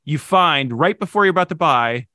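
A middle-aged man telling a story as a podcast guest, animated and self-mocking, with exasperated asides. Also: on the high side, quick pace, dry recording, clean studio sound. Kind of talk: casual storytelling in conversation.

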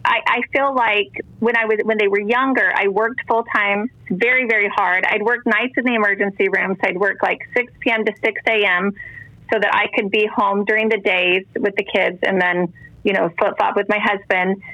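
A woman's voice: mid-range voice, fairly even intonation, moderate pace, bright, forceful tone, dry recording, poor audio. A woman in her forties, a guest and mother of ten, talking earnestly about faith and motherhood with many restarts. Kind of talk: casual faith interview talk.

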